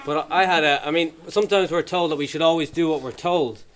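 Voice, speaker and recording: A man's voice: a little high, fast. A young man doing stand-up, telling a story and acting out the voices in it. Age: young adult. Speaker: stand-up comedian. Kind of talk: stand-up comedy to a young audience. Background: audience laughter.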